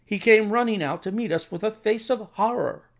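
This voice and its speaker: A man narrating a classic detective story in a measured, expressive reading. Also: high-pitched, creaky. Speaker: audiobook narrator. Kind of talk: scripted narration.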